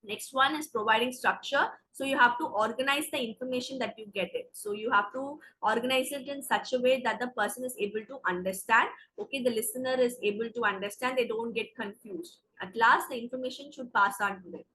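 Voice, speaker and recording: A woman with an Indian English accent lectures an exam preparation class a little fast, with few pauses, her fairly high voice pushed and bright. She goes step by step, checking in with "okay," on a rough recording with a little hiss or hum.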